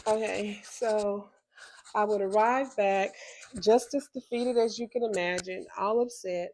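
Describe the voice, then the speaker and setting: Slow-paced woman sharing a personal story, emotional and halting. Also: mid-range voice, mellow. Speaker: vlogger telling a story.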